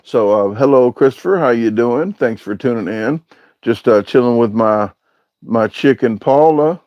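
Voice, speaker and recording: A man's voice: mid-range voice, expressive, measured pace, no room sound, highs cut off. A man hosting a casual livestream, reading out viewer comments and answering them in a rambling, hesitant way with lots of filler sounds. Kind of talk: casual live-stream chat.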